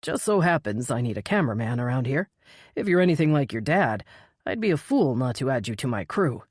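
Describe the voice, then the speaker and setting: A woman voicing a grieving but brisk male TV news boss, speaking in a clipped, earnest way. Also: mid-range voice, very animated, breathy edge, no room sound, clean studio sound.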